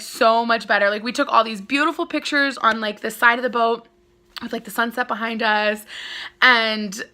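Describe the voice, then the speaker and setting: A woman's voice: a little high, pushed and bright. A young woman author telling a casual story-time vlog, gushing and full of filler words. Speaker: author and vlogger.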